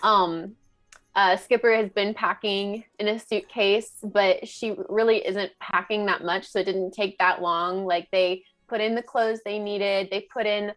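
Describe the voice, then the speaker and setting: A woman playing a tabletop game, narrating her character's actions briskly. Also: medium pitch, fairly even intonation, a bit bright, faint music behind. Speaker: player.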